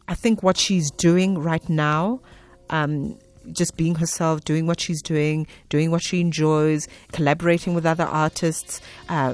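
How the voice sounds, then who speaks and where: A woman hosting a radio interview, effusive and smiling as she talks. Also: low-pitched. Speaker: radio host.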